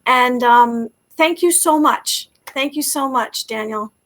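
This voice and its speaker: Woman, high voice, talk show host, effusive, chatty. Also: slow, a bit bright. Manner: effusive and grateful, many fillers.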